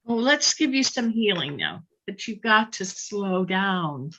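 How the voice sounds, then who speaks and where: A woman's voice: medium pitch, big pitch swings, unhurried, pushed and bright. A woman spiritual healer leading a live online session, insisting and repeating her points emphatically.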